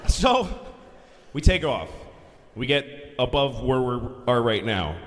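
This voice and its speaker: A man's voice: medium pitch, sing-song, takes it slowly, fairly bright tone. A middle-aged man doing stand-up comedy, telling a story in a profane, exasperated, sardonic way. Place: live comedy venue. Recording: echoey live hall with ambient noise.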